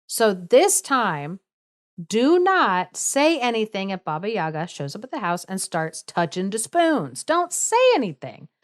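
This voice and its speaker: A worried cat and sparrow pair, protective and insistent, voiced by a woman in a retelling. They spell out their warning slowly and firmly, like talking to a stubborn kid. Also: medium pitch, sing-song.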